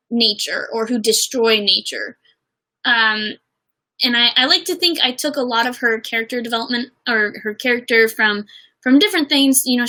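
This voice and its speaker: Bright, chatty woman livestreaming. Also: a little high, low-quality recording. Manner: chatty and bubbly, lots of fillers and giggles, reads out chat. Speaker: livestream host. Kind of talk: casual livestream chat while doing makeup.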